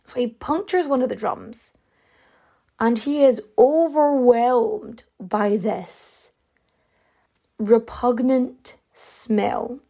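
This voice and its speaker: A woman's voice: on the high side, drawn-out words, vocal fry, mellow. A woman casually telling a true crime story, rambling with fillers and side remarks. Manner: chatty, rambling, lots of fillers and asides.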